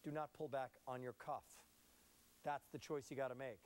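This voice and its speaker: A man's voice: medium pitch, steady tone, normal speed. A man hosting a live shopping channel broadcast in an upbeat, chatty sales patter.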